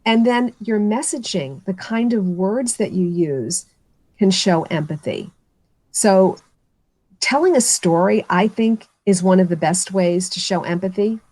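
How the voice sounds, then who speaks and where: A woman speech coach speaking as a guest in a video interview, confident and animated when telling stories. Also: mid-range voice, measured pace, dry recording. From United States.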